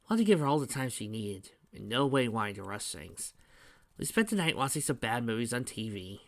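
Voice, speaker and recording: A man reading his fan fiction aloud in the first person, plain and steady. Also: mid-range voice, a little fast, creaky, no room sound. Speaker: narrator.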